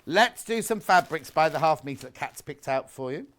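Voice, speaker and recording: Speaking at a moderate pace in a slightly high, animated, somewhat bright voice, a middle-aged British man hosts live shopping TV. Between products he reads viewer messages, chats, gossips and rambles off on asides.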